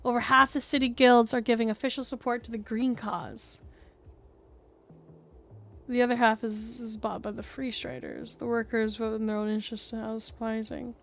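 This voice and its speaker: A woman's voice: fairly high pitch, level tone, moderate pace, vocal fry, fairly bright tone, a little hiss or hum. Chatty, sarcastic young woman streamer. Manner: chatty, sarcastic, swears casually. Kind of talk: casual game stream, reading dialogue aloud.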